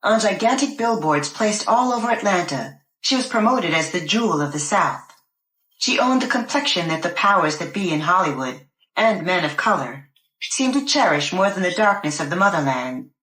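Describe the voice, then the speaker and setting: A woman reading a first-person novel aloud in a measured, deliberate way. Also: on the low side, expressive, fairly bright tone. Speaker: narrator. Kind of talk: scripted first-person audiobook narration. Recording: roomy echo.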